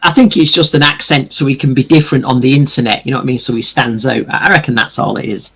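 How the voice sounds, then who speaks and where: A man's voice: mid-range voice, fairly even intonation, fast talker, gravelly, bright, forceful tone, husky. A British man chatting casually while building models, with teasing, self-mocking banter. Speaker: hobby streamer.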